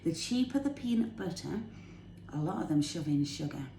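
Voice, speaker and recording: Animated and warm, with a low-pitched, gravelly voice at a moderate pace, a fitness tip vlogger chats to camera from her home kitchen. She gives her viewers casual healthy-eating tips in a bubbly, enthusiastic way, laughing while talking. The recording has slight background noise, echo, and faint ambience.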